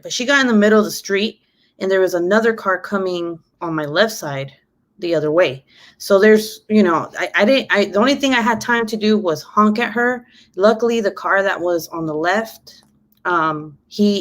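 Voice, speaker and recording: Animated, foul-mouthed woman telling a story. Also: mid-range voice. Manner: animated, swears freely, many fillers like "you know"; laughs often while talking. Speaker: vlogger chatting with a live audience. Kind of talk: casual storytelling chat.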